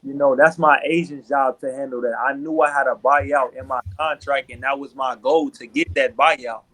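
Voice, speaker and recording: A man's voice: mid-range voice, fairly even intonation, normal speed, a bit bright, poor audio. A man in his thirties, a basketball player, telling stories animatedly in a casual interview, often asking "you know what I mean".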